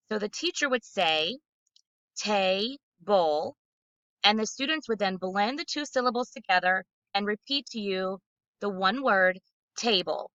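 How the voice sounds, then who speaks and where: Bright, methodical woman presenter. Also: medium pitch, no echo, highs cut off. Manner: clear, methodical, slows to model syllables aloud. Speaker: literacy trainer. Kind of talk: instructional presentation for teachers.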